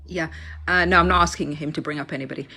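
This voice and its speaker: A woman's voice: low voice, steady tone, quick pace, pushed and bright, husky. Teasing woman calling into a livestream. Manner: teasing, sarcastic comebacks. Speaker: caller. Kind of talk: casual livestream chat.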